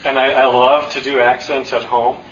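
A middle-aged man giving an earnest, self-deprecating public talk, with halting restarts. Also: mid-range voice, level tone, reverberant, very noisy. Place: hall with an audience. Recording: distant, dull lo-fi talk recording.

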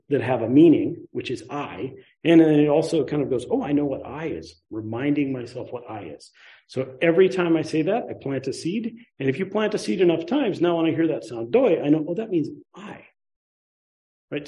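A man's voice: mid-range voice, dark tone, rough recording. A man teaching Buddhist ideas in a casual, conversational dharma talk, with playful asides.

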